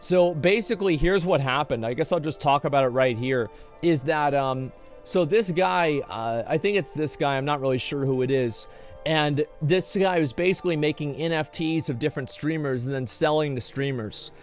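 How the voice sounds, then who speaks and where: A man's voice: a little high, normal speed, soft background music. A man streaming casually, reacting to a video with exasperated rants and many restarts. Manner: exasperated, ranting, lots of restarts.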